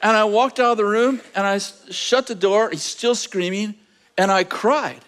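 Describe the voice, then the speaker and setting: A man's voice: high-pitched, normal speed. A middle-aged man preaching a sermon, telling a personal story with self-mocking humor and restarting his sentences. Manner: animated storyteller, self-mocking, repeats words when starting. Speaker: pastor.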